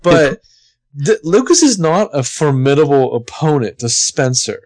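A man with a mid-range voice that swings widely in pitch, swearing and joking as he recaps a TV show with a friend. He talks loosely and animatedly. The recording is close and dry. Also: a little slow, no echo. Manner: animated, profane, jokey asides. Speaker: podcast co-host. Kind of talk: casual recap chat.

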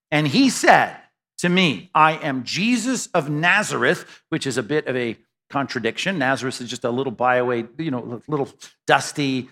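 A man preaching a verse-by-verse sermon with a bright, forceful tone and a slightly high voice. He talks like he's chatting with the congregation, restarting phrases and tossing in asides as he explains the passage. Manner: conversational, many restarts and asides. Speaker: pastor. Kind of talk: expository sermon.

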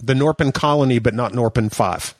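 A man co-hosting a podcast in casual, joking chat, often pausing with fillers. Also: mid-range voice, no room sound. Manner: relaxed, joking, hesitant with fillers. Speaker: podcast co-host.

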